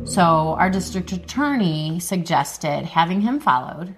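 A woman's voice: fairly low pitch, sing-song, a little slow. A woman police detective telling her story in an interview, plainspoken and emotional. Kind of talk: interview recounting.

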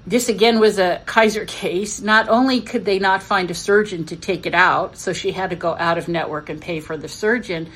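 A woman narrating a story for a podcast, in a steady way. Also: fairly low pitch, moderate pace, few pauses, poor audio.

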